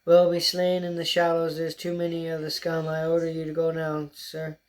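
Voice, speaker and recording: Reader doing a hurt loyal hare soldier begging his friend to go, dark even voice. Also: medium pitch, normal speed, close to an everyday voice. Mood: urgent. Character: wounded loyal male hare corporal.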